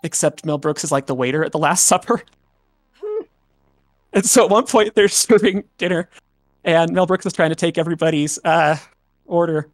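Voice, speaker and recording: A man's voice: a little high, normal speed, long pauses, dry recording, clean studio sound. A man chatting casually on a game stream, rambling and jokey, retelling movie skits.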